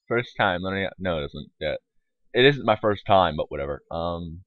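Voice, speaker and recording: Deep-voiced man rambling over a game. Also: moderate pace, long pauses, no room sound. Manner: rambling, mumbled asides with many fillers. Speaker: gaming YouTuber. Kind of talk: casual let's-play commentary. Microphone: desktop microphone. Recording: tinny lo-fi dry mic.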